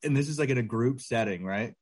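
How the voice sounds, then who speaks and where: A man's voice: mid-range voice, fast talker, a little mellow, husky. A man in his thirties co-hosting a casual podcast, rambling with lots of filler words. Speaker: podcast co-host. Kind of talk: casual chat.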